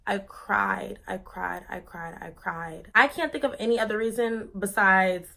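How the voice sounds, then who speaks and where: Expressive young woman telling a story. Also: mid-range voice, unhurried, vocal fry. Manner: expressive, dramatic, slangy. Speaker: vlogger. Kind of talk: casual storytime monologue.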